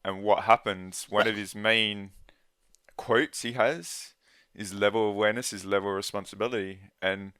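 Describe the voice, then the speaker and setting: A man with a very low, flat, smooth, and clear voice is a guest in a casual conversation. He speaks earnestly but haltingly, often breaking off and starting over. The recording is dry and close, with no echo.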